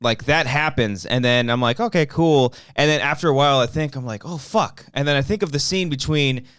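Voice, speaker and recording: A man co-hosting a podcast in casual chat, swearing often and breaking into excited outbursts. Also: mid-range voice, fast talker, clear, resonant tone, no room sound, studio quality. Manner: swears a lot, animated outbursts. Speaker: podcast co-host.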